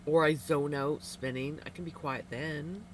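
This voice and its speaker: A woman's voice: low voice, steady tone, unhurried, slight background noise. A woman livestreamer chatting casually with viewers while knitting, candid and rambling, laughing often.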